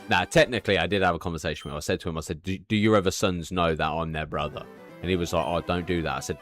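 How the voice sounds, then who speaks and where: A man's voice: sits low, steady tone, fast, a bit bright, faint music behind. A young man streaming and chatting candidly, confiding and swearing freely. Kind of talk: casual live-stream chat.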